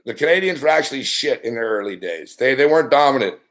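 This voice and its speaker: A man's voice: mid-range voice, lively intonation, fast talker, fairly bright tone. A man hosting a late-night sports talk stream, ranting in a rambling, profane way and reading out chat between laughs. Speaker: sports talk show host.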